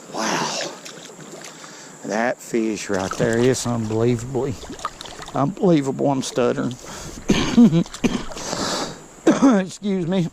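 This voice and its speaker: A man, giving excited, folksy commentary to viewers while he fishes a creek outdoors. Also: medium pitch, gravelly, slight background noise, rough recording. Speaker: fishing vlogger.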